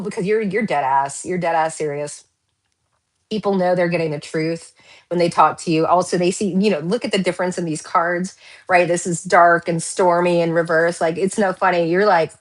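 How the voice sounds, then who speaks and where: Woman, host of a tarot channel, loose and excitable delivery that wanders off on tangents. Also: mid-range voice. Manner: rambling, excitable, laughs often, tangents. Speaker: tarot card reader. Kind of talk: casual pick-a-card tarot reading.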